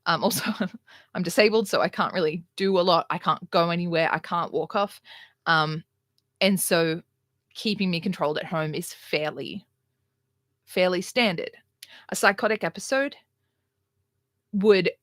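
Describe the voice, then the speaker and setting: A woman's voice: lowish voice, fairly bright tone, no echo, clean studio sound. A young adult woman, hosting a casual livestream and talking bluntly and candidly, with sarcasm and swearing. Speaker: livestream host.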